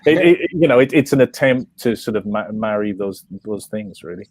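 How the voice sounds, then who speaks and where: A man's voice: on the low side, animated, moderate pace, a little mellow, no echo. A Welsh man, a comics writer, talking in an interview, rambling with many restarts and fillers. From Wales. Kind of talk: interview conversation.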